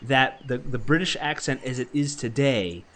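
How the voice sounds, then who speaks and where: A man's voice: medium pitch, normal speed, a bit bright. A man co-hosting a livestreamed chat, rambling along with many ums and restarts. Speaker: podcast co-host.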